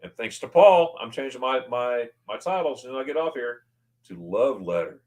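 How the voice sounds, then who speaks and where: Excitable livestream host with a lively voice. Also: male voice, mid-range voice, moderate pace. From United States. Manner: excitable, stammering restarts, greets viewers by name. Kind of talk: casual livestream chat reading comments.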